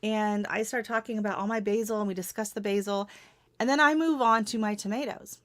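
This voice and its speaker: A middle-aged woman hosts a relaxed livestream and gives advice off the cuff. She rambles, laughs often and corrects herself mid-sentence. Her pitch sits in the middle of the usual range. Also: fairly quick. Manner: rambling, chatty, frequent laughs and self-corrections. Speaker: livestream host. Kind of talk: casual livestream advice chat.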